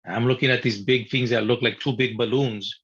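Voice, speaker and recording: Animated man telling a story, husky. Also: mid-range voice, fairly quick. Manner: animated, swearing, acting out his younger self. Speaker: guest. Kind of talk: personal storytelling. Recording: dull lo-fi sound.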